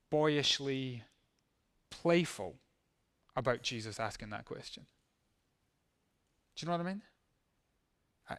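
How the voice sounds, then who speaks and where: A man's voice: on the high side, fairly bright tone. A male pastor preaching a sermon in a conversational way, reading verses and acting out how they might sound.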